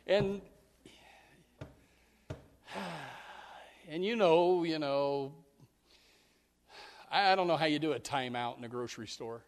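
A man's voice: a little high, normal speed, long pauses. Folksy male pastor in a reverberant hall. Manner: folksy, animated, acts out yelling parents and kids. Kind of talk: sermon.

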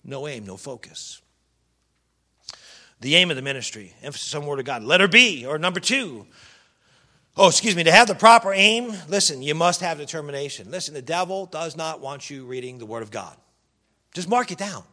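A man preaching a sermon, emphatic and animated, addressing the congregation directly. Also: on the high side, moderate pace.

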